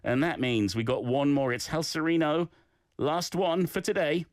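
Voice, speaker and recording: A man's voice: fairly high pitch, moderate pace, no room sound, studio quality. A man hosting a radio language segment, encouraging and playful as he gives feedback to listeners. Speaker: radio host.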